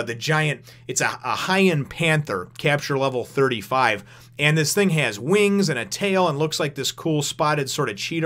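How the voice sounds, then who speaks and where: A man's voice: mid-range voice, a bit bright. A man rambling through a casual manga chapter review, swearing freely and laughing as he goes. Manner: rambling, profane, laughs often.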